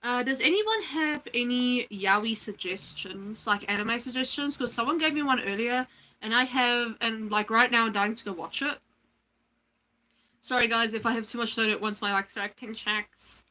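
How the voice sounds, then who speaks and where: Bright-voiced girl rambling on her livestream, lots of likes and ums, kinda high. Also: moderate pace, low-quality recording. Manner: chatty, rambling, lots of fillers. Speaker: livestream host. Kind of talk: casual livestream chat.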